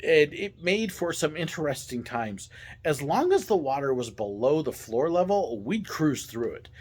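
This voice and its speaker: Animated man telling funny stories. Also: a little high, normal speed. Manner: animated, playful, acts out quoted voices. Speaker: vlog host, former theme park ride driver. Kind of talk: casual storytelling.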